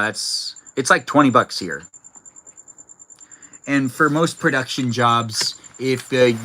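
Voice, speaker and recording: Man, live streamer, bright voice, chatty, reads out comments. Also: medium pitch, rough recording. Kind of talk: casual live-stream chat.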